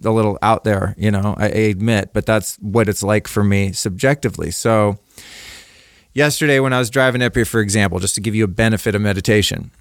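A man's voice: fairly low pitch, brisk, vocal fry, no room sound, clean studio sound. A man speaking as a podcast guest, telling personal stories in a candid, laid-back way and swearing freely. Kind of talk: casual conversational storytelling.

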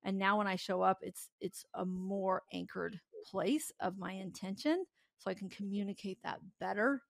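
A woman guest talking in an earnest, animated way, with a gravelly, creaky edge to her voice. Her voice is close and dry, with little room sound. She tells her story candidly and laughs in quick bursts. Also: mid-range voice, dry recording. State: tearful. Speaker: podcast guest, company founder. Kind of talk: candid interview conversation.

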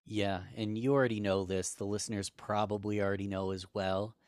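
A man guest on a podcast, giving emphatic, energetic business advice in a conversational way, a bit hoarse. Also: on the low side, a little fast, dry recording, studio quality. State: slightly hoarse.

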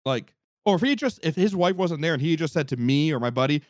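Guy telling a wild story on a podcast, swears a lot, pitch all over the place, dead dry room. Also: fast, no room sound. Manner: animated, profane, acts out quotes.

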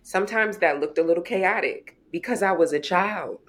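A woman in her forties, a guest author on a podcast, telling stories in a lively way and acting out quoted voices. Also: lowish voice, moderate pace. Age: 40s. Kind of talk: podcast interview storytelling.

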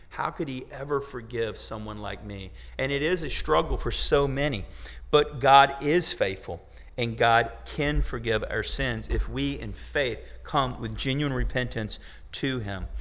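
A man's voice: medium pitch, fairly bright tone. A man preaching a sermon to his congregation, talking in a conversational way with joking asides. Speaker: pastor. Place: church sanctuary. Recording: long hall reverb.

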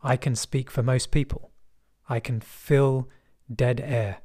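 A middle-aged man from West London with a West London accent, telling a personal story in a measured, reflective and wry way. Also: mid-range voice, steady tone, dark tone. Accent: West London English.

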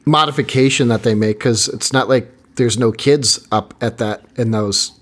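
A man's voice: mid-range voice, normal speed. A man co-hosting a podcast, chiming in with laid-back jokes and questions in casual chat. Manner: laid-back, joking interjections. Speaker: podcast co-host.

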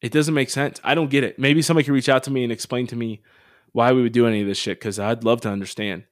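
A man talks in a blunt, opinionated way on his commentary podcast, swearing now and then before turning to earnest encouragement. His voice sits at an ordinary middle pitch. The sound is dry and close, with no room echo. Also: fairly even intonation, fast. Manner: earnest and exhorting. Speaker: podcast host.

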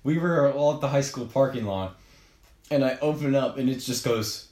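A man's voice: medium pitch, normal speed, a little mellow, echoey room. A young man chatting as a podcast guest, joking and teasing and laughing often. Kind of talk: casual chat.

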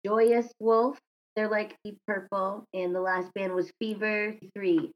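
A woman's voice: medium pitch, flat delivery, slow. A woman co-hosting a podcast in casual chat, rambling and correcting herself as she goes. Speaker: podcast co-host. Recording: slightly dull lo-fi sound.

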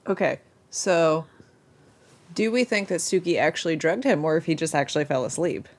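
Husky-voiced woman co-host reacting casually. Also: low voice, moderate pace. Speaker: podcast co-host. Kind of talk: casual chat.

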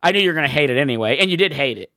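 A man's voice: fairly high pitch, lively intonation, very fast, vocal fry, bright, forceful tone, no room sound, studio quality. A man hosting a podcast in casual chat, playful and teasing and laughing often. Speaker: podcast host.

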